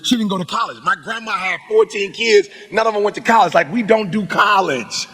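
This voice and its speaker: A middle-aged man from Detroit giving a passionate live motivational speech on a summit stage, building to shouts and repeated phrases. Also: high voice, a little fast, breathy edge, long reverb tail. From Detroit, USA. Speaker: motivational speaker.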